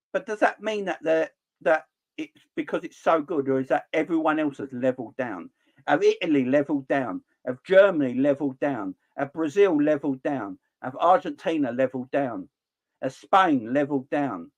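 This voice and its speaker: A middle-aged man ranting about football in an animated, exasperated way. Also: fairly high pitch. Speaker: football channel host. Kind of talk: opinionated football rant.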